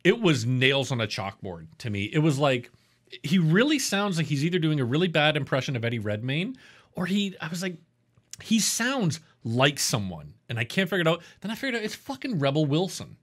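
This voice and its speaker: A man's voice: fairly high pitch, sing-song, fairly quick, fairly bright tone, slightly rough. A man co-hosting a podcast, casually reviewing a TV episode in a blunt, profane, rambling way. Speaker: podcast co-host.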